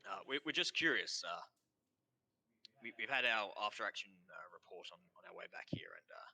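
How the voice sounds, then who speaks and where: This is a man doing a courteous Australian soldier who is friendly and polite but halting, full of little fillers. His voice is very deep and gravelly, with a hard, bright edge. It is a tabletop game character voice. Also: animated, full character voice. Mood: calm. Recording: dull remote-call sound.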